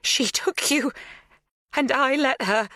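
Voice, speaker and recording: A woman voicing a desperate, tearful middle-aged mother who pleads in breathy half-whispers in an audiobook. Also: fairly high pitch, expressive, normal speed, a bit bright, no echo, studio quality, voice pushed up, heavily acted. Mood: pleading. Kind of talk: audiobook dialogue.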